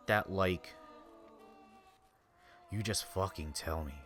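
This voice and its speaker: A man's voice: lowish voice, moderate pace, a bit bright, faint music behind. A man live-streaming a game, venting angrily with heavy swearing and sometimes dropping to a tired whisper.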